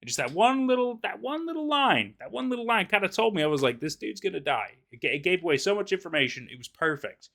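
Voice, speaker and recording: A man reading a story game aloud and commenting casually, animated and often stumbling over his words. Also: high voice, fast talker, few pauses. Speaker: let's play narrator.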